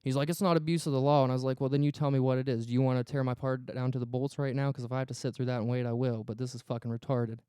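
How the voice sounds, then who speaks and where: A man's voice: medium pitch, level tone, racing, few pauses, dark tone, clear, resonant tone, no room sound, clean studio sound. A man co-hosting a podcast, telling a story in a casual, profane way and acting out the quoted dialogue. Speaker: podcast co-host.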